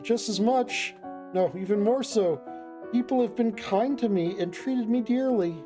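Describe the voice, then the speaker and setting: A man's voice: high voice, measured pace, music in the background. A streamer voicing Claire, a kind and earnest young woman in a visual novel, speaking in a raised, sincere, pleading voice. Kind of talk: reading a game's dialogue aloud on stream.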